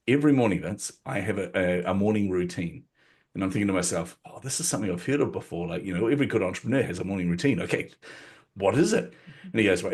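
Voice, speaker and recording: A middle-aged man, a podcast guest, telling a personal story in conversation, acting out quotes and laughing at himself. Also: sits low. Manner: animated, acts out quotes, self-deprecating laughs.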